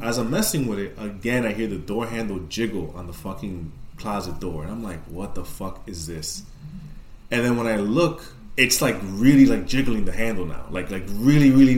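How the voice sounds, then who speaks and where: A man's voice: on the low side, echoey room. A man casually telling a spooky story on a podcast, rambling and swearing, with lots of fillers. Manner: profane, rambling, animated retelling. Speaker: podcast co-host.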